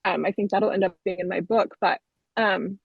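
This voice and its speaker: A woman tells her own story as a podcast guest, candid and earnest. Her voice sits at an ordinary middle pitch. The recording is dry and a little muffled. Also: steady tone, moderate pace, creaky, breathy edge, no room sound. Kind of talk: personal testimony in an interview. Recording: dull, dry lo-fi sound.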